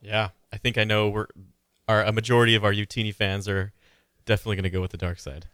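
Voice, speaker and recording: A relaxed man co-hosts a live stream with short, easy reactions. His voice is fairly low yet bright. The sound is dry, with no room echo. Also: fast talker, clean tone. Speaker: co-host. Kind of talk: live-stream casual chat.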